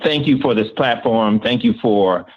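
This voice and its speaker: A man's voice: medium pitch, moderate pace, highs cut off. Polite caller reading prepared points, man. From Florida.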